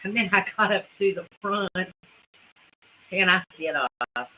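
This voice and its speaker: Very bright-voiced Southern woman chatting. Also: mid-range voice, lively intonation, unhurried, a little hiss or hum, poor audio. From Carolinas, US. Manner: folksy and chatty, addresses viewers as y'all. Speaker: homesteading livestream host. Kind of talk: casual livestream chat with viewers.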